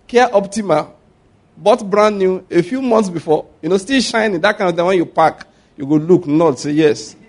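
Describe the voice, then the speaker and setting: Male pastor, 40s, lively sermon storyteller who laughs a lot and asks the crowd to answer back, slightly raised pitch. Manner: animated storytelling with call-and-response questions; laughs often while preaching.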